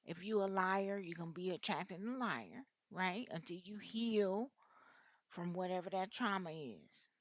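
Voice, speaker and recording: A woman's voice: lowish voice, a little slow, dry recording, lo-fi sound. A woman giving a casual tarot reading, talking bluntly in rambling, slangy speech full of cussing. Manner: blunt, slangy and openly vulgar; rambling, with frequent restarts. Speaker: tarot reader.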